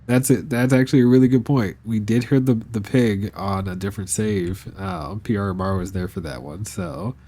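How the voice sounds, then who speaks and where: A man's voice: lowish voice, normal speed, hardly any pauses, mellow. A man streaming live gameplay, chatting to his viewers and scolding the animals in the game, laughing and exasperated.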